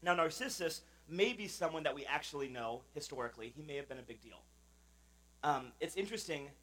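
A man's voice: on the high side, lively intonation, brisk, bright, forceful tone, rough recording. A man, a pastor, giving a sermon in a conversational, informal manner with many fillers.

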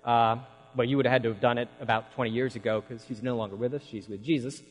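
A man's voice: mid-range voice, steady tone, fast talker, in a large hall, poor audio. A man preaching a sermon, telling folksy stories in an earnest way.

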